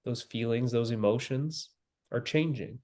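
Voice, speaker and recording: A man giving a spiritual teaching, speaking calmly and slowly with long pauses and repeated phrases. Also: mid-range voice. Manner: calm, slow and repetitive, with long pauses. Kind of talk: slow guided spiritual teaching.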